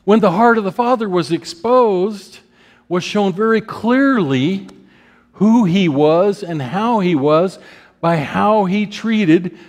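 A man in his fifties preaches with strong emotion and an expressive, slow delivery, his pitch rising when he's stirred. He softens his voice to act out prayers of repentance, and the recording carries a long hall reverb.

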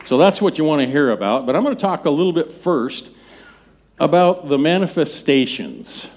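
A man in his seventies, a pastor preaching a sermon in a church, talking in a conversational, halting way with many restarts. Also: mid-range voice, a little mellow. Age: 70s. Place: church sanctuary.

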